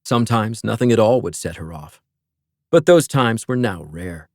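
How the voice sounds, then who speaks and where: A man reading an audiobook as narrator, in a measured storytelling manner. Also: on the low side, animated, dry recording, clean studio sound. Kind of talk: scripted narration.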